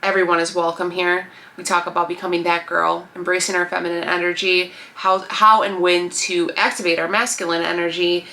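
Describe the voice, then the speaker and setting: Bright-voiced woman giving pep talk. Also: fairly low pitch, fairly quick, few pauses. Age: 30s. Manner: animated, preachy, speaks directly to the viewer. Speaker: lifestyle vlogger. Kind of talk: motivational vlog talk to camera.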